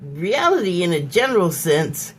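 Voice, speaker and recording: A woman hosting her own podcast, speaking in an unscripted, reflective monologue. She talks in a halting, musing way, often pausing to search for words and restarting her phrases. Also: on the low side, sing-song, slightly rough. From Hollywood, United States. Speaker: podcast host.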